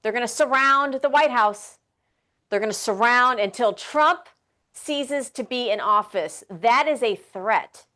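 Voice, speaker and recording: Woman, talk show host, animated, sarcastic, rhetorical questions, bright higher pitch. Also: measured pace. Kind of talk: casual political talk show.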